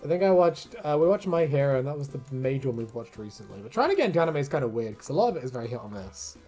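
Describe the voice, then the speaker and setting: Streamer with a lively, swinging pitch. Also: rapid-fire, soft background music. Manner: laughs often, swears casually, rambling. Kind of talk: casual stream chat while drawing.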